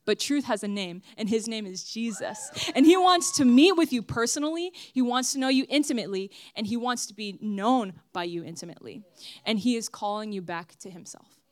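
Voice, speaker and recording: A young woman delivers a testimony sermon in a fairly high voice, earnest and emphatic, talking right to the people in the pews. The sound is close and dry, with no room echo. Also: animated, fairly quick. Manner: earnest and emphatic, addressing the congregation directly. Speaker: church speaker giving a testimony.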